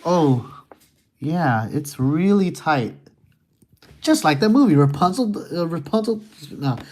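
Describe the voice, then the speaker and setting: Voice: mid-range voice, expressive, slow pace, darkish tone, a little hiss or hum. Casual puzzle-walkthrough streamer: rambling, goofy, jokey, reads game text aloud. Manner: goofy, rambling, crude wordplay jokes.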